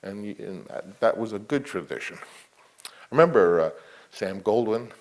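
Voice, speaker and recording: A man's voice: on the low side, animated, moderate pace. Rambling man reminiscing in an interview. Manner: rambling, many restarts. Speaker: film director, interviewee. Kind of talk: reflective interview talk.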